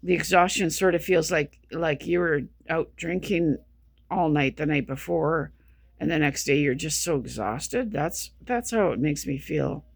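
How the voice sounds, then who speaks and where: An exhausted, sleep-deprived vlogger rambles slowly through a casual monologue, circling back and repeating points. The voice drags with a gravelly fry and sounds close and dry, with no room around it. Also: medium pitch, dry recording. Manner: rambling, repetitive, restarting sentences. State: feeling sick.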